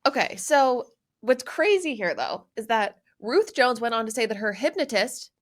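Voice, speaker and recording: A woman co-hosting a casual pop-culture podcast, teasing her co-host with quick, jokey banter. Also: on the high side, sing-song.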